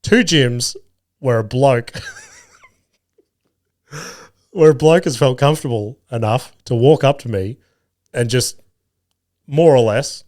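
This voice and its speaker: A young Australian man hosting a podcast, telling a casual story with lots of swearing and acted-out dialogue. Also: mid-range voice. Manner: animated, swears freely, acts out quoted dialogue. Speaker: podcast host.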